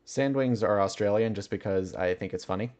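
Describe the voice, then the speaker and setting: Low-voiced man chatting on a livestream. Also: brisk, darkish tone. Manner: musing aloud, chuckling often. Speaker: livestreamer reading chat. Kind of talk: casual livestream chat.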